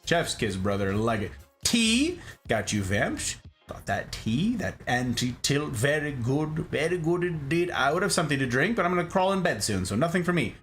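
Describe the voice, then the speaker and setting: A man's voice: mid-range voice, sing-song, normal speed, fairly bright tone, faint music behind. A man hosting a casual live stream, chatting playfully and greeting viewers by name. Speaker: streamer host. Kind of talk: casual chat reading live chat.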